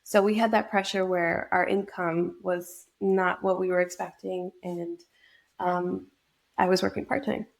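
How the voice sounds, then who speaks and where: A young woman from New York state, appearing as a podcast guest, reflectively shares a personal story with lots of fillers and restarts. Her voice is lowish and gravelly, with a level tone and a measured pace.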